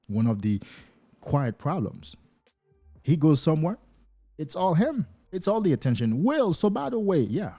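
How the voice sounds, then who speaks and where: A man who is not a native English speaker, a life coach talking to viewers on a livestream in an animated way, acting out little scenes. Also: fairly low pitch, breathy edge.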